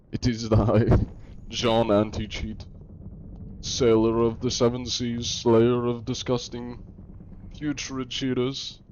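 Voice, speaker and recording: A man's voice: medium pitch, a little mellow, muffled recording, slight background noise, pitched above the performer's own voice, lightly acted. A man voicing a pompous male sea inspector who hunts cheaters, speaking in grand, haughty archaic phrases. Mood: boastful.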